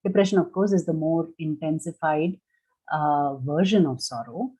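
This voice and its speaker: A woman speaks in a lowish, mellow voice as she leads a reflective workshop talk. She is gentle and measured and works through each idea step by step. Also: slightly rough, low-quality recording. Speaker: workshop speaker on grief and loss.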